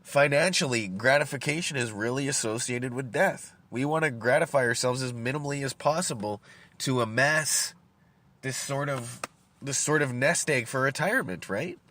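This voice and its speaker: A man's voice: medium pitch, moderate pace, sharp tone. Rambling, profane man ranting solo. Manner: rambling, profane, repeats words while thinking; smoking and drinking coffee while talking. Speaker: podcast host. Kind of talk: solo rant.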